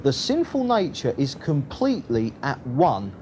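A man preaching a sermon, shifting between loud emphasis and quiet, low asides. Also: huge pitch swings, measured pace, slight background noise. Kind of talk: sermon, Bible teaching.

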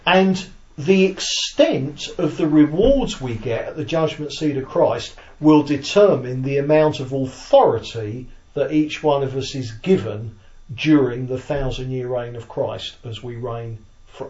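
A man teaching a Bible study class, explaining slowly, checking that listeners follow, and reading his handout aloud. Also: mid-range voice, darkish tone. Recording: echoey room, dull lo-fi sound.

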